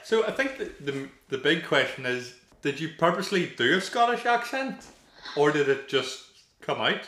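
A man's voice: a little high, big pitch swings, moderate pace, pushed and bright. A man co-hosting a casual radio show, asking dry, teasing questions. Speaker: co-host. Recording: roomy studio echo.

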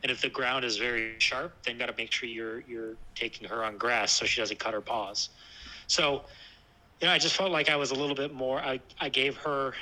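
A man casually talking about hiking with his dog, thoughtful and relaxed, with many fillers and restarts. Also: medium pitch, a little fast, rough recording. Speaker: hiker discussing a trip with his dog. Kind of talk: casual chat.

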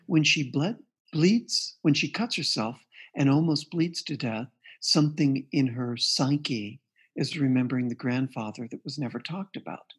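A man with a mid-range, slightly rough voice speaks at a measured pace. Interviewed as a guest therapist, he earnestly recounts a client's case and quotes their dialogue in this interview storytelling.

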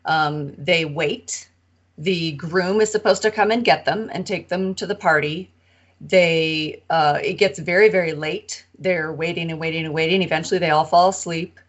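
A woman co-hosting a podcast, retelling a parable in an animated, casual way. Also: deep voice, moderate pace, muffled recording. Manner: animated retelling with acted-out quotes. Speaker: co-host of a Bible study podcast.

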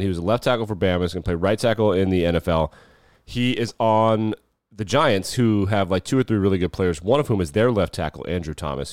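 Low-voiced man mocking in sports talk. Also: no room sound, studio quality. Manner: blunt and mocking. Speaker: podcast host. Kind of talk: casual sports commentary.

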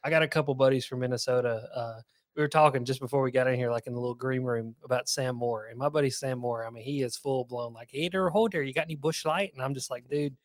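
A man's voice: mid-range voice, flat delivery, fast talker, no echo. Chatty Southern man with a twang. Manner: chatty, joking, rambling with fillers. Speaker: guest, fishing content creator. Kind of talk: casual interview chat.

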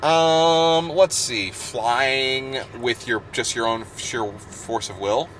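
A man's voice: medium pitch, slow pace, fairly bright tone, a little hiss or hum, rough recording. A man hosting a podcast in casual chat, rambling and joking, often breaking off mid-sentence. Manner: rambling, joking, self-interrupting. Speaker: podcast host.

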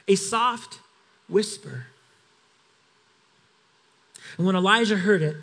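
A man's voice: high-pitched, fairly bright tone. A man preaching a sermon as pastor, reading scripture dramatically and breaking into emphatic, conversational asides.

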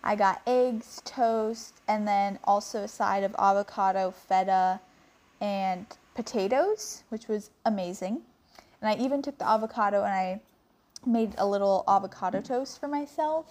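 A woman's voice: medium pitch, moderate pace, darkish tone. A young woman giving a chatty, rambling travel update as a podcast co-host. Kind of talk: casual monologue.

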